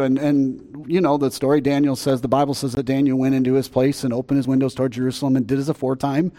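A man preaching a sermon as pastor, conversational, swinging between loud emphasis and quiet asides. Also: medium pitch, flat delivery, fast talker, hardly any pauses. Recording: long reverb.

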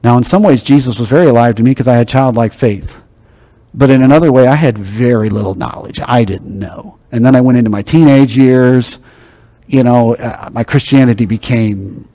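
A man's voice: medium pitch, moderate pace, mellow. A man preaching a sermon, teaching in a conversational, emphatic way. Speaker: pastor.

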